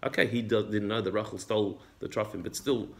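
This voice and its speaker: Man, low voice, religious text teacher, reads Hebrew then explains in English, repeats words. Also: fast talker. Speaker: Torah teacher.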